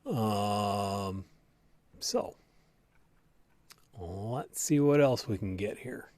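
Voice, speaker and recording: A man's voice: on the low side, very slow, darkish tone, dry recording. A man hosting a live-stream health talk as a clinician. He explains research and reads viewer comments in a conversational way, with many fillers and restarts. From United States. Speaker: host and clinician.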